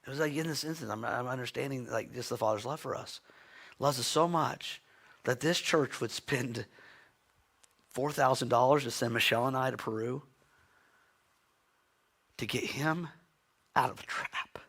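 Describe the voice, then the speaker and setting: A male pastor delivers a sermon from the pulpit of a church. His voice is bright and forceful, sitting at an ordinary pitch for a man, and he tells his story in an earnest, heartfelt manner. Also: normal speed, vocal fry. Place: church sanctuary.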